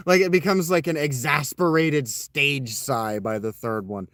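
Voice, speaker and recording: A man's voice: fairly high pitch, moderate pace, fairly bright tone, dry recording, clean studio sound. A man reading an old tale aloud and breaking off for irreverent, swearing asides. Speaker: storyteller.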